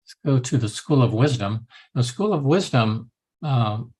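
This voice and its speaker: A man's voice: mid-range voice, expressive, unhurried, darkish tone, breathy edge. A man instructor giving a recorded lecture in a loose, rambling way with many restarts.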